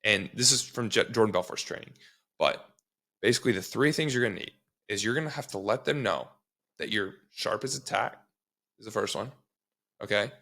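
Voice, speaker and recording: Male sales trainer, casual and blunt, a gravelly edge, checks in with the listener constantly. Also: lowish voice, fairly quick, fairly bright tone. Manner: blunt, swears, repeats "okay?" to check in.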